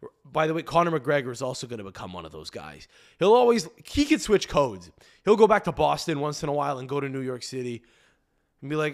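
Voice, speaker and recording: A male podcast host rants in a loose, rambling comedic monologue. He swears freely, circles back on himself with fillers and restarts, and speaks in a voice a bit higher than most men's. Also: big pitch swings, fast talker.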